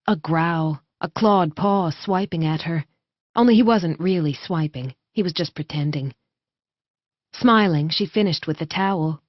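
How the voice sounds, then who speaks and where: Audiobook narrator: woman, low voice, measured read, dry and slightly muffled sound. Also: dry recording. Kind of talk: scripted narration.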